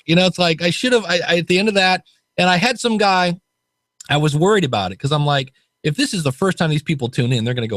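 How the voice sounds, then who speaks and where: A man's voice: fairly high pitch, expressive, quick pace, a bit bright, dry recording. A man hosting a podcast, chatting casually and animatedly, laughing easily at himself. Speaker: podcast coach host.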